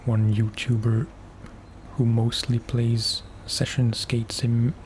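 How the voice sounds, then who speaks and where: A man streaming a game for relaxation, talking softly in unhurried, musing asides. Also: mid-range voice, little pitch movement, slight background noise. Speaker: gaming ASMR streamer. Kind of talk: soft-spoken gameplay commentary.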